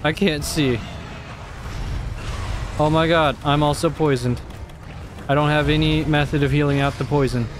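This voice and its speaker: A man's voice: on the high side, fairly even intonation, normal speed, pauses often, background noise. A young man commenting on his own gameplay, exasperated and cursing often as he talks to himself. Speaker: gamer.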